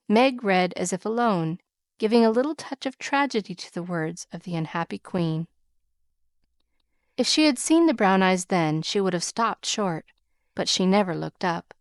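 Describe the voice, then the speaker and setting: A woman narrating a classic novel as an audiobook in a measured, even reading. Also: fairly low pitch, clean tone, no echo, studio quality.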